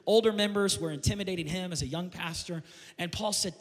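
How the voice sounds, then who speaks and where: Impassioned high-voiced male pastor. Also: fairly quick. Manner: impassioned, building to shouted climaxes. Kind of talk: sermon. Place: church sanctuary. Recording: long reverb of a church hall.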